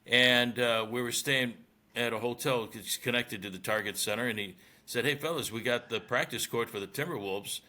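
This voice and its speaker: A man's voice: medium pitch, normal speed, bright, forceful tone. An older man, a veteran radio broadcaster, telling stories in a casual interview and laughing at his own tales.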